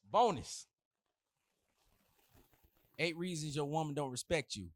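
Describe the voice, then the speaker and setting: A man's voice: a little high, very animated, takes it slowly, fairly bright tone, no room sound. Blunt slangy man giving dating advice. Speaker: relationship advice host. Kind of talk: casual advice monologue.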